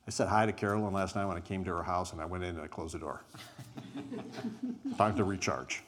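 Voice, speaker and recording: A man leading a group through a spoken exercise, talking deliberately and emphatically, with weighted pauses. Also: low voice, background noise. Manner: says he is an introvert. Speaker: group workshop leader.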